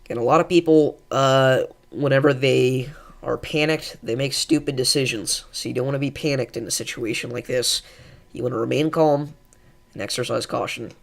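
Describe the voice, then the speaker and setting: A man hosting live severe weather coverage, calmly reassuring viewers and thinking aloud with fillers as he reads radar. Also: medium pitch, normal speed, gravelly. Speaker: weather livestream host.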